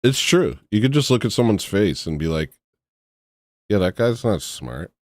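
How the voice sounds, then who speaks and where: A man hosting a livestream, talking in a low voice that swings widely in pitch as he jokes, mocks and laughs his way through a video. His sound is close and dry, with no room around it. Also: big pitch swings, normal speed, darkish tone, no room sound. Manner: joking, sarcastic, laughs often. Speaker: livestream host. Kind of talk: casual reaction commentary.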